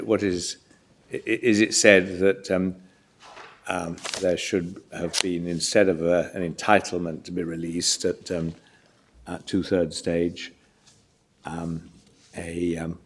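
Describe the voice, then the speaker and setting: Brief: male judge, very deep gravelly voice, halting questions from the bench. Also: slight background noise. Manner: halting, hesitant, thinks aloud. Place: court hearing room.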